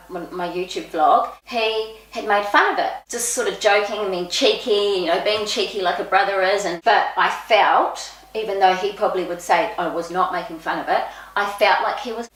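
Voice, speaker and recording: A woman, telling personal stories in a casual vlog, chatty and expressive, acting out what people said. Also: medium pitch. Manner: chatty and expressive, acts out quoted speech. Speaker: vlogger. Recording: echoey room.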